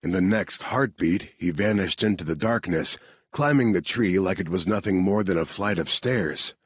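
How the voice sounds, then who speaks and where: A man narrating an audiobook in a measured, even reading. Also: sits low, breathy edge, dry recording.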